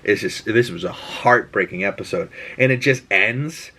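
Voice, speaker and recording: Excitable rambling man recapping a show. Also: on the low side, moderate pace, breathy edge. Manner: excitable, rambling, swears, many fillers. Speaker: pop culture podcast host. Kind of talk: episode reaction and recap.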